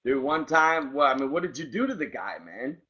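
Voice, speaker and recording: A man's voice: mid-range voice, very animated, moderate pace, bright, forceful tone. A male co-host in casual chat who enthusiastically greets listeners by name. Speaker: podcast co-host. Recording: dull lo-fi sound.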